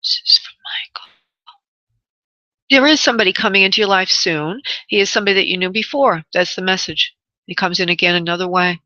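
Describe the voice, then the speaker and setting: A woman who hosts a psychic call-in radio show as a spirit medium soothes callers with "honey" and "love," thinking aloud and pausing as she tunes in. Her medium-pitched voice is bright and forward, recorded dry and close, with audio that's a little dull and lo-fi.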